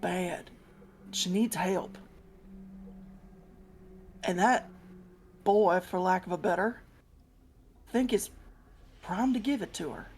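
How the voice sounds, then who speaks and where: A woman's voice: fairly low pitch, takes it slowly, pauses often, a little mellow, slight background noise. Brash woman player at a tabletop game. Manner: brash, playful, swears freely. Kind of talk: live-streamed tabletop role-play.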